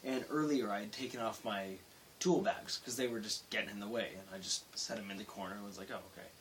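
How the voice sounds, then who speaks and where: Late at night, a young male vlogger tells a meandering work anecdote, cutting himself off and loudly performing what people said. He speaks fairly quickly in a lowish voice. The mic is distant, picking up faint hiss with his voice slightly off-axis.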